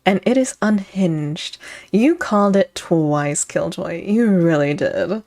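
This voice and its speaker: Slow, giggly woman streamer. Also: on the low side, animated, a little mellow. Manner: playful, giggly, thanks chat viewers by name. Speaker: streamer reacting to a video. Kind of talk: casual live-stream commentary.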